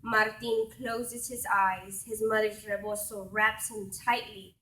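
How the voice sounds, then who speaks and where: A woman poet giving a poetry reading at a reception, measured and pausing between phrases. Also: medium pitch, flat delivery, sharp tone. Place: reception hall. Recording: roomy echo, mic far off.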